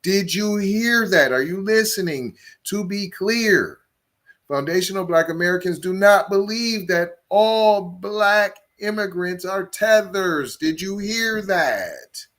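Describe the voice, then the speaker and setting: A man's voice: high voice, lively intonation, slow pace, fairly bright tone. A man hosting a solo podcast, talking emphatically, repeating words and stacking rhetorical questions. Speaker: podcast host.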